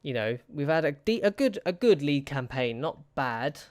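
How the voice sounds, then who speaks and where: A man's voice: a little high, very animated, normal speed, darkish tone, no echo, clean studio sound. A young man giving casual, anxious commentary over a football management game, pleading with his players and muttering to himself. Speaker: gaming YouTuber.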